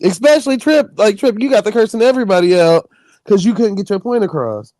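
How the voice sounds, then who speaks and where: A man's voice: high-pitched, animated, fast talker, mellow, no echo. A man hosting a casual livestream, ranting bluntly and profanely about a panel discussion. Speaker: stream host.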